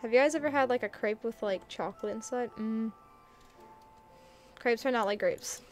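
A young woman chatting casually with her live-stream chat, giggly and excitable. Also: on the high side, moderate pace, faint music behind. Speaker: game streamer.

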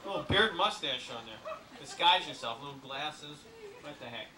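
A man giving a comic cruise ship briefing to an audience, full of deadpan jokes and asides. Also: a little high, normal speed, far from the mic, background noise. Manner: jokey deadpan patter with asides. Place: ship lounge. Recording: echoey room, camcorder from afar.

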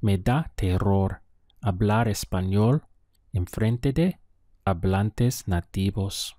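A man giving a language lesson in a slow, deliberate way, spelling out each phrase with care. His voice sits a little low. The sound is dry and close, with no room around it. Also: warm tone, no echo. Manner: slow, careful enunciation of phrases. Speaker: language teacher.

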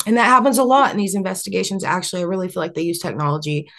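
A woman's voice: on the low side, steady tone, racing, a bit bright. A young adult woman as an interview guest, telling a long story in an earnest, rambling way with many fillers and restarts.

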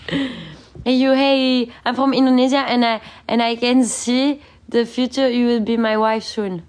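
A woman's voice: a little high, fairly even intonation, slow pace, a little mellow. A young woman, sick, chatting casually on a livestream from her bedroom, reading out viewer comments and laughing often.

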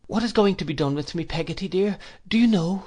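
Sobbing, pleading small boy, raised pitch, voiced by a male narrator. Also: a little fast, a little mellow. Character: frightened, remorseful little boy.

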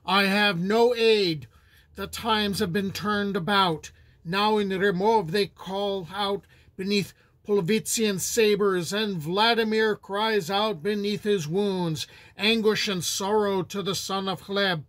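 A man's voice: high-pitched, fairly even intonation, slow, fairly bright tone, no echo. A grieving old prince, read by a man. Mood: grave lament. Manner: solemn, archaic speech. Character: aged grieving prince, stern and sorrowful.

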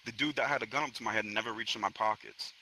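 Brief: young Florida guy, lower voice but very bright and edgy, cussing street-slang storyteller. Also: quick pace, a little hiss or hum, rough recording. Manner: profane street slang, rambling and animated. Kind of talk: casual storytelling among friends. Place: online virtual social space.

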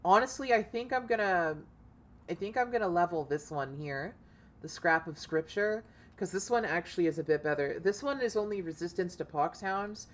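Woman game streamer, low-pitched, loose and profane, with a faint hiss behind. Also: moderate pace. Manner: excitable, swears freely, thinks aloud. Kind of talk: casual gameplay commentary.

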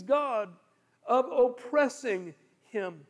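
A male pastor preaching a sermon, telling stories and shifting from loud pleading to low murmurs. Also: moderate pace, long pauses. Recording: long hall reverb.

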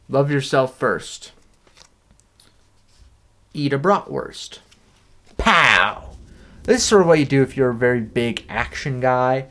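A young man vlogging a comedic review, talking in a deadpan, crude, rambling way. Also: mid-range voice, takes it slowly, pauses often. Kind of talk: comedic sticker review vlog.

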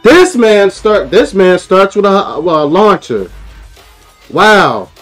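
High-voiced man ranting over gameplay. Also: big pitch swings, slow, fairly bright tone, dry recording, soft background music, rough recording. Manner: frustrated ranting, repeats himself, profane. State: aggravated. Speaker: gaming streamer. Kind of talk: live gameplay commentary.

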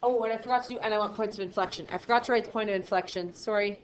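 A woman's voice: mid-range voice, steady tone, rapid-fire. A woman math teacher lecturing a class, chatty and self-deprecating, quizzing her students as she works. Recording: roomy, dull lo-fi sound with faint noise.

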